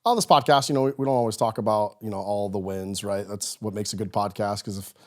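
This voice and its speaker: A man's voice: on the low side, fast talker. A man hosting a podcast who chats casually with his guest, with lots of fillers. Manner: relaxed and chatty, with many fillers. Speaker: podcast host. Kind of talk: casual interview chat.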